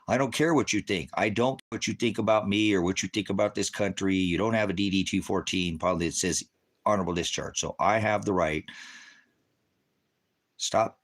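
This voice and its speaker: A deep-voiced man hosting a livestream who fires back at his chat. He curses freely and dismisses his commenters with blunt, combative put-downs. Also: fairly even intonation, a little fast. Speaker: livestream host of a ministry channel. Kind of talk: profane livestream rant answering chat.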